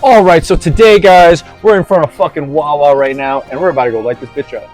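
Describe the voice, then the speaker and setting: A young man vlogging outdoors in pouring rain, loud, profane and excitable. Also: on the high side, fast talker, soft background music, rough recording. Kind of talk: rowdy hype vlogging.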